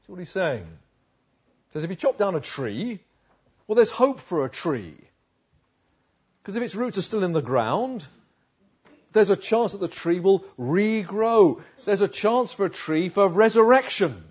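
A man's voice: on the high side, big pitch swings, moderate pace, a little mellow, breathy edge, highs cut off. A man preaching a sermon, reading scripture verses aloud and then explaining them in a conversational way.

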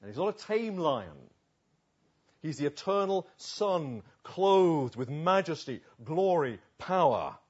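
A man preaching a sermon, shifting between slow emphatic pauses and quicker asides. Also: a little high, husky, dull audio. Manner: expressive, varied delivery with slow emphatic pauses.

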